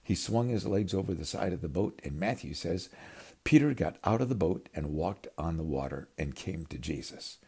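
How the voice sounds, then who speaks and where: A man's voice: low voice, animated, normal speed, warm tone, breathy edge. A man preaching a storytelling sermon, acting out the scenes and calling his listeners his friends. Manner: dramatic storytelling, acting out voices.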